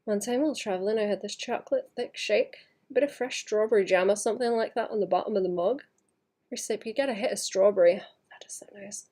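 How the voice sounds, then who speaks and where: A woman livestreaming her painting, chatting casually and thinking aloud in soft mutters that trail into whispers, second-guessing her work. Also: medium pitch, fast. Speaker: artist streaming her painting.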